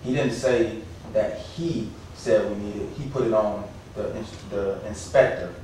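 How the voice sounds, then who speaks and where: A man's voice: lowish voice, measured pace, dark tone. Man, 30s, pastor, impassioned public comment, recorded from far off in an echoey chamber with faint hiss. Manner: impassioned, rising to pleading and indignant. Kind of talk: public comment at council meeting. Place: council chamber.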